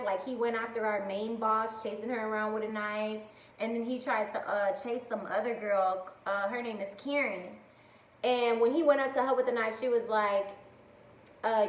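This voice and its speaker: A young adult woman telling a story on her video channel, profane and lively, acting out what people said. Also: fairly high pitch, normal speed. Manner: profane, animated storytelling with quoted voices. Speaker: vlogger. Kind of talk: casual storytime vlog. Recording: echoey room with faint ambience.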